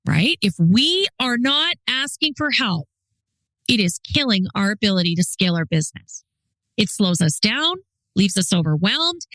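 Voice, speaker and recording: A woman's voice: a little high, bright, forceful tone, dry recording, low-quality recording. A woman in her forties hosting a solo podcast as a leadership coach, talking candidly and emphatically.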